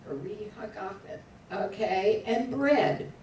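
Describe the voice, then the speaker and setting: A Hebrew teacher leads a classroom lesson, patiently drilling words aloud and asking students to repeat them syllable by syllable. Her medium-pitched voice is slow and sounds far off in an echoey room, with a faint hum in the background.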